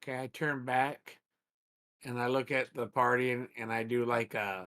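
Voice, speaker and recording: Chatty male player, bright tone. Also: medium pitch, steady tone, moderate pace. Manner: chatty, describes gestures with lots of "like". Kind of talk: casual tabletop play.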